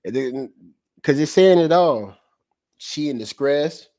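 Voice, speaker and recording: A man's voice: on the high side, lively intonation, takes it slowly, a little mellow, no room sound, clean studio sound. A man hosting a casual livestream, talking loosely with lots of slang, repetition and profanity. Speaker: online commentary host. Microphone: streaming setup mic.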